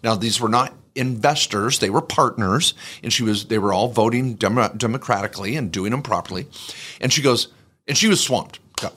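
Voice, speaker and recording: A man's voice: medium pitch, a little fast, slightly rough. A man co-hosting a podcast, telling a story in a casual, jokey way and acting out the people in it. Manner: animated, jokey storyteller who acts out quoted people. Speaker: podcast co-host.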